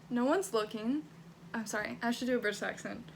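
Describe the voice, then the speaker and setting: A woman's voice: fairly high pitch, a little fast, vocal fry, slight background noise. A young woman vlogging casually, reading her old teenage writing aloud, swearing freely and laughing at herself. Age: young adult.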